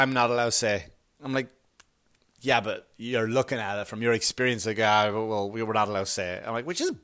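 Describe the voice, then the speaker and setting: A man hosting a podcast, telling a rambling, profane story in a sarcastic way, with loud bursts of exasperation. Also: medium pitch. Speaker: podcast host. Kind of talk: casual comedic storytelling.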